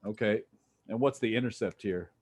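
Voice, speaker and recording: Speaking at a moderate pace with a somewhat dark, lowish tone, a physics instructor lectures his class in a relaxed, joking way. He reasons out loud as he and the students tackle problems together.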